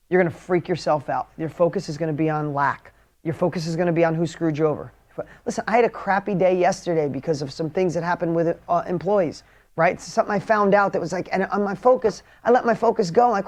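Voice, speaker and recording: A high-pitched, fast-talking man delivers a motivational talk to an audience. Blunt and energetic, he swings between loud, emphatic lines and hushed ones.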